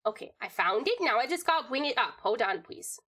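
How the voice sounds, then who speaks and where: A tiny baby tiger creature babbles in cutesy baby talk, voiced by a woman streamer. The voice sits high and squeaks, and it leaps up and down in pitch. The grammar breaks like a toddler's. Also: big pitch swings, brisk, sharp tone, full character voice. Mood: playful. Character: baby version of her tiger-like creature persona.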